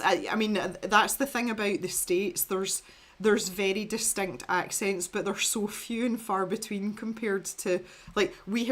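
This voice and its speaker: A Scottish woman with a light, mild accent hosts a relaxed art livestream. She chats in a rambling, easygoing way, reads viewer comments aloud and laughs often. Her pitch sits in a middle range for a woman. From Scotland. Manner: chatty and rambling, laughs often, frequent restarts. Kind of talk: casual chat, reading viewer comments aloud.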